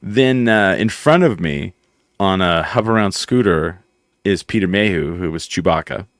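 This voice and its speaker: A man from near West Texas hosting a casual podcast, animated and quick to slip into voices while telling stories. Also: deep voice, no echo, clean studio sound. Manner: animated, jumps into voices and impressions. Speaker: podcast host. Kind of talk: casual chat.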